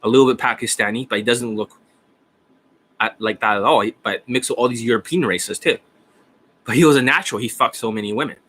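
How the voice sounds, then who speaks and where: A man gives dating advice in a loose, rambling livestream, and he swears constantly as he talks. His voice is bright and forceful, at a middle pitch. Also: brisk. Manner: rambling, profane, often laughing. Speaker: dating coach. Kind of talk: casual rambling livestream talk.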